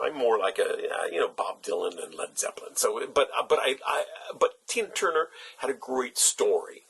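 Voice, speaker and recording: Give me a man with a husky, breathy voice delivering a halting, reflective monologue. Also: mid-range voice, fairly bright tone, low-quality recording. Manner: halting, thinks aloud with many fillers and restarts. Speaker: channel host. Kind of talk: reflective spoken essay.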